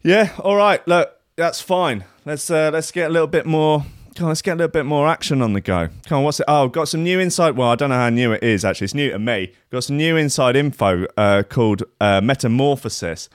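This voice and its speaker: A man's voice: a little high, animated, brisk, smooth, dry recording, studio quality. A man hosting a live radio show, chatting in a rambling, irreverent way with plenty of swearing. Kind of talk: casual live radio chat.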